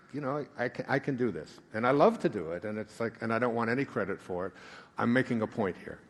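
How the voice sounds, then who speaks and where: A man giving a live spiritual talk, who tells a rambling personal story and then reads aloud slowly and with emphasis. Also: medium pitch. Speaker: spiritual speaker. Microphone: handheld microphone.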